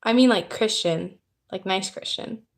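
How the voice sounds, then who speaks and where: A woman's voice: mid-range voice, measured pace. Chatty Southern young woman streaming. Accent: Southern American. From Southern United States. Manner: chatty and upbeat, reading out viewer comments and thanking new subscribers. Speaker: YouTuber hosting a livestream. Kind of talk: casual livestream chat.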